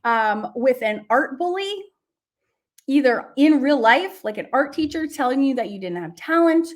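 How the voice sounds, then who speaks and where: A bubbly woman teaching art in a relaxed livestream, her voice pitched high. She gushes over student work and chats along freely, full of fillers. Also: normal speed. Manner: bubbly, gushing, chatty with many fillers. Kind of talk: casual livestream lesson.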